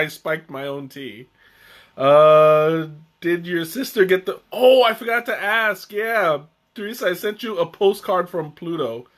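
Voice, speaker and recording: A man hosting a casual live-stream tea tasting, chatty and joking, who talks haltingly with many restarts and fillers. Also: a little high, a bit bright. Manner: chatty and joking, often chuckling.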